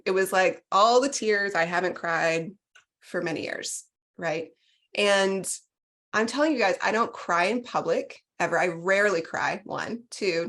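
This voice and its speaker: A woman's voice: fairly low pitch, a bit bright. A woman in her forties, a podcast guest, telling a candid personal story in an effusive, chatty way. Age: 40s. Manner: chatty and effusive, heavy on "like" and "you guys". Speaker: retreat participant, podcast guest.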